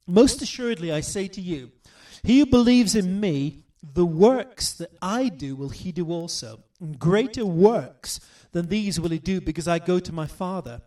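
A man preaching a sermon, reading scripture slowly and deliberately, swinging between loud declarations and soft hushed asides. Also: high voice, far from the mic.

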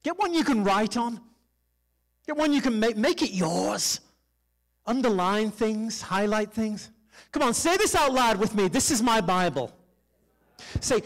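A male pastor preaching with a fairly high, lifted voice. He calls out to the congregation, gets them to repeat lines back, and pokes fun at himself along the way. He carries the lively rhythm of a church sermon. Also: measured pace, pauses often. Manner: animated preaching with call-and-response and self-deprecating humor.

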